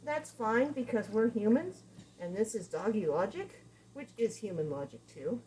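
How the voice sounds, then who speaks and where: A woman's voice: on the high side, expressive, moderate pace, warm tone, a little hiss or hum, low-quality recording. A woman dog trainer giving a casual, conversational lesson, explaining with everyday examples. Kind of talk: instructional talk.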